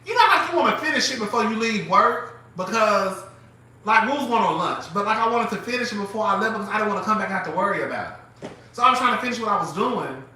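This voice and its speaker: A man's voice: high-pitched, fast talker. A man hosting a live stream from his phone, chatting casually and dramatically, laughing often. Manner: animated, dramatic, laughs often, calls listeners girl. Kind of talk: casual gossip chat. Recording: very echoey room, mic far off, faint noise.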